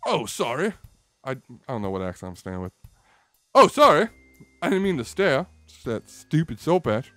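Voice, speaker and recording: A man's voice: mid-range voice, wildly swooping pitch, moderate pace, a bit bright, dry recording, faint music behind. A man playing a shy nervous young man.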